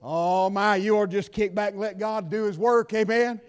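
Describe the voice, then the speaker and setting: A man preaching a sermon in a church, swinging from quiet asides to shouted lines. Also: sits high, fairly even intonation, fairly quick, smooth. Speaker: pastor. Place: church sanctuary.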